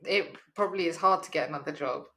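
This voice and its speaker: A young woman co-hosting a casual podcast chat, relaxed with playful asides. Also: deep voice, quick pace. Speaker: podcast co-host.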